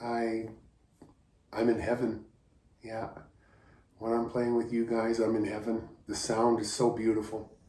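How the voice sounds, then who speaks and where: A man, a guest steel guitar player, giving a slow, tender spoken tribute to a friend that moves him to emotion. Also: on the low side, completely flat delivery, warm tone, roomy sound.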